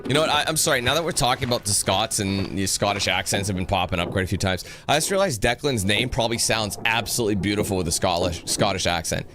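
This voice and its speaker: A man's voice: on the low side, fast talker, hardly any pauses, noisy background. A man rambling and joking through casual commentary on a horror game he is playing. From North America. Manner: joking, rambling, sings snatches and does mock voices. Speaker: gaming channel host.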